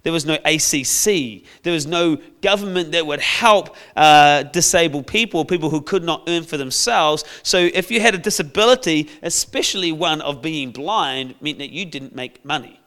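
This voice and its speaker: A male preacher tells a Bible story in a playful, storytelling manner. His voice sits fairly high for a man. The tone is smooth and clear. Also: moderate pace, hardly any pauses. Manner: storytelling, playful, acts out characters with shouts. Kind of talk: sermon.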